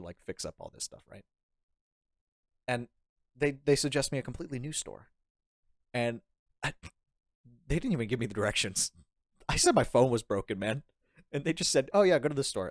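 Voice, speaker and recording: Young man, casual storytelling, animated, laughs a lot, dry close sound. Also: medium pitch, no echo. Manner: animated, rambling, laughing, acts out quoted lines. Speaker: podcast guest.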